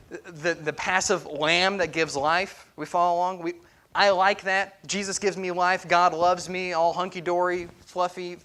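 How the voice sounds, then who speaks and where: A man preaching a conversational sermon as pastor, asking the congregation to follow along and acting out quoted speech with a rising, louder voice. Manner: acts out quoted speech with rising pitch and volume. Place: church sanctuary.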